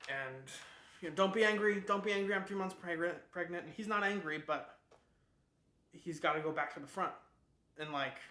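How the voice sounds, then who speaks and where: A man hosting a book club gives a loose, rambling summary. His voice is bright and a little high. The room has a lot of echo. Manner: rambling, lots of fillers and restarts.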